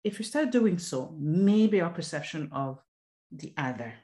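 A woman in her thirties hosts a relaxed conversation with a guest. Her voice sits slightly low, and she tells her stories in an animated way, switching into the voices of the people she quotes. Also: unhurried. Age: 30s. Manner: lively storyteller who acts out quoted voices. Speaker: host. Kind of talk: casual podcast conversation.

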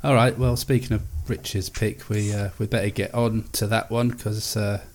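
A man's voice: fairly low pitch, flat delivery, normal speed, darkish tone, a little hiss or hum. A man hosting a podcast who reads trivia aloud steadily and then chats easily. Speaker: podcast host. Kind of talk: casual chat and reading facts aloud.

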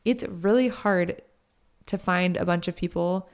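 A woman's voice: on the low side, a little slow, clean tone. A young woman co-hosting a podcast, chatting casually and rambling, often restarting her sentences and acting out quotes. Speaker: podcast co-host. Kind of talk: casual chat.

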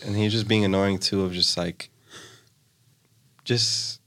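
A man's voice: sits low, fairly even intonation, takes it slowly, fairly bright tone. A young man casually retelling a story in a loose, rambling way, full of filler words. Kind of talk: casual chat.

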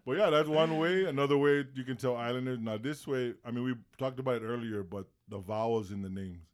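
A man chatting casually with friends on a podcast, recounting stories with lively put-on voices for the people he quotes. He talks in an easy, laid-back way and laughs often. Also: mid-range voice, a little fast. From Pacific islands. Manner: animated storyteller acting out phone calls. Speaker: podcast host. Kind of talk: casual chat.

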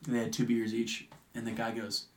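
A man's voice: lowish voice, monotone, fairly quick, darkish tone. A young man co-hosting a podcast who tells a work story in casual chat, swearing freely and acting out the people he quotes. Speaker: podcast co-host.

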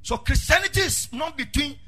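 A male pastor preaching a sermon, dropping low and then rising into sung, shouted lines. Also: expressive, fairly quick. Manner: swings from murmuring to sung shouts. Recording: faint music behind.

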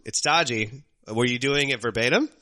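A man's voice: medium pitch, moderate pace, bright, forceful tone. A young man chatting as a podcast guest, a singer who talks loosely, swears freely and laughs often. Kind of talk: casual chat.

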